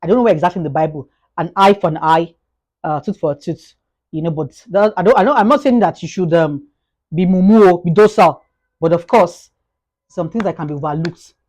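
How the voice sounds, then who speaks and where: A woman with a Nigerian accent giving a motivational talk as a vlogger, talking fast, animated, and often repeating and restarting words. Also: on the low side, poor audio.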